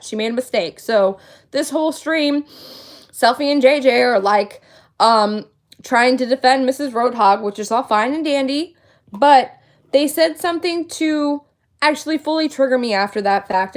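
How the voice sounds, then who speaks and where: Her voice fairly high and somewhat bright, a woman in her late thirties runs a casual livestream where she vents. The talk is indignant and emphatic, with points repeated for weight.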